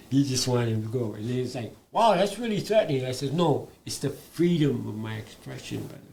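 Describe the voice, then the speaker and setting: An older man, a guest elder and artist telling stories in a live panel conversation, animated and laughing between points. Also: mid-range voice, normal speed, vocal fry, hardly any pauses, slight background noise. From Hawaii.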